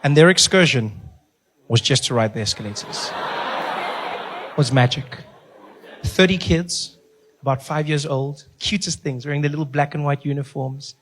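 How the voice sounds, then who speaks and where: A man performs a stand-up set, his voice sitting high for a man. He tells his story in an animated way and slips into put-on voices now and then. A faint hum of room noise sits under him. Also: moderate pace, pauses often. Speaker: stand-up comedian.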